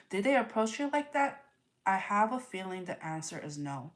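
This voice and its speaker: A woman's voice: lowish voice, expressive, normal speed. A woman giving a live tarot reading, earnest and repetitive, full of rhetorical questions. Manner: earnest, repeats herself, asks rhetorical questions. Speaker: tarot reader.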